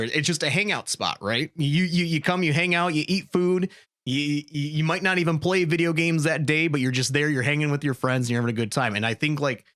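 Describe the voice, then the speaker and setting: A man's voice: mid-range voice, a bit bright, dry recording. A man hosting a laid-back podcast, rambling and restarting his sentences with repeated words. His voice is recorded close and dry, with no room around it. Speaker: podcast host. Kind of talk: casual podcast chat.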